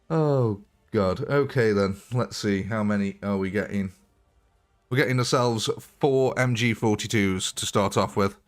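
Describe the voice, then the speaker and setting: A man with a fairly low voice talks through a game as he streams it live. His delivery is casual and rambling, with little asides and frequent chuckles. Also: moderate pace, faint music behind. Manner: chatty, laughs often, thinks aloud while playing. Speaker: gaming livestreamer.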